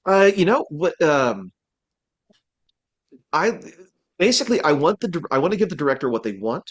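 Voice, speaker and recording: A man's voice: fairly high pitch, normal speed, muffled recording. A man, a voice actor, chatting casually in an interview, rambling with restarts and acting out quotes. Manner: rambling, many restarts and fillers, animated quotes. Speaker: voice actor guest.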